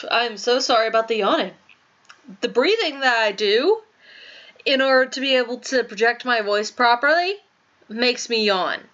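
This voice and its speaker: A woman's voice: a little high, lively intonation, normal speed, fairly bright tone, highs cut off. A woman streaming herself reading a visual novel aloud, chatting casually and apologizing as she goes. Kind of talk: casual chat between voiced game lines. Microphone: home desk mic.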